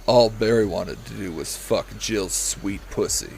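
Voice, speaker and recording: A male podcast host reads a story aloud in a deadpan, steady voice. He breaks off to swear and comment between sentences, and a faint ambient hum sits behind him. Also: lowish voice, measured pace, gravelly. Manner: deadpan narration broken by swearing and asides. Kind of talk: comedic read-aloud with banter.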